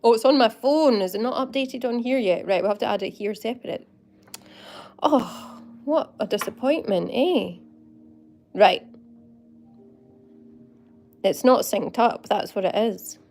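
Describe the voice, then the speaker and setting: Slow-talking, bubbly Scottish woman. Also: fairly high pitch, darkish tone. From Scotland. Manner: bubbly, laughs often, chats to viewers by name. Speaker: livestream host. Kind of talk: casual live chat with viewers.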